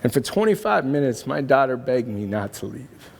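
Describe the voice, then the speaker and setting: A man's voice: mid-range voice, sing-song, normal speed, vocal fry, a little mellow. A man preaching a sermon, telling a personal story in an earnest, emphatic way. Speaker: pastor. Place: church auditorium. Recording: long hall reverb.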